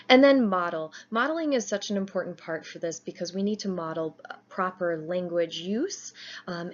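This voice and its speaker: A woman's voice: mid-range voice, muffled recording, slight background noise. Upbeat woman explaining teaching tips. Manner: explanatory, upbeat, stresses key words. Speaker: presenter. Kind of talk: educational presentation.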